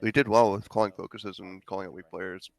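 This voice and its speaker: A man co-hosting a stream reviewing his team's match, telling stories in casual chat and getting loud when quoting his own shouts. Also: sits low, fairly even intonation, fairly quick, vocal fry, crowd noise.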